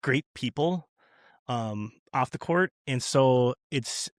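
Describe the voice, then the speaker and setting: Male podcast guest, casual storyteller, loose and rambling, mid-pitched, dry recording. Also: expressive, takes it slowly, dry recording. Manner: rambling storyteller, many restarts and fillers.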